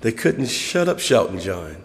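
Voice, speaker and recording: A man preaching a conversational sermon as pastor, acting out church members in quick voices. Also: on the low side, sing-song, long reverb tail, slight background noise.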